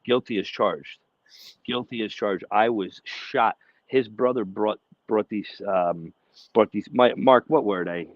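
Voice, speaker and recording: A man co-hosting a casual podcast chat, telling animated, profane stories and acting out shouted quotes. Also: lowish voice, measured pace, no room sound, lo-fi sound. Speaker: podcast co-host.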